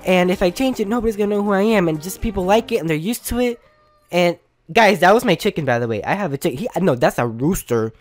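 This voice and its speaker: Casual storytime vlogger, chatty, animated, quick asides, acts out other people's reactions. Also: medium pitch, faint music behind. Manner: acts out quoted reactions in different voices. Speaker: online game creator and designer.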